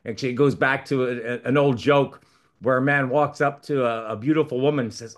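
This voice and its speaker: A man's voice: mid-range voice, steady tone, a little fast. A male mediator speaking casually on a panel, telling stories and acting out quoted exchanges. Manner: anecdotal, acts out quoted exchanges. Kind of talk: casual discussion, telling a joke.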